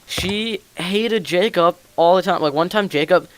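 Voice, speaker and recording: A teenage guy hosts a laid-back gaming podcast, wandering through stories from school and packing his talk with fillers. His voice sits high and moves at a measured pace, with a little background noise in the recording. It's casual chatter while he plays.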